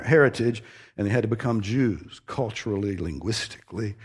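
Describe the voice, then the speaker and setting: Male preacher, low husky voice, steady emphatic sermon delivery. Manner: emphatic, earnest teaching with repeated stressed phrases. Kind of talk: expository sermon.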